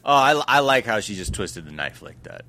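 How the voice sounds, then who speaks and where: Lively, bright-voiced man joking around. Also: on the low side, a little fast. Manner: loose, joking, with lots of fillers. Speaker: podcast guest. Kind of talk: casual chat.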